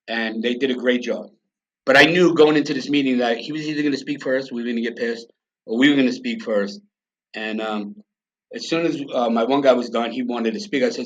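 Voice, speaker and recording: In a conversational interview, a podcast guest from New York recounts his story in a blunt, emphatic way full of profanity. He has a mid-range, fairly bright voice, captured on slightly dull lo-fi audio.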